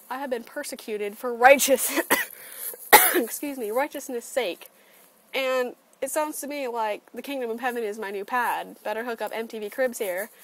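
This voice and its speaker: This vlogger's voice is fairly high, and she's ranting animatedly, dripping sarcasm and cursing freely. She records her opinion piece through a computer webcam, and the quality is low.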